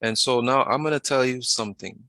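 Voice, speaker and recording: A man's voice: medium pitch, brisk, bright, forceful tone, no room sound. A man teaching a math class over a video, often stopping to put questions to the students and waiting for answers. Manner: asks the class questions, patient.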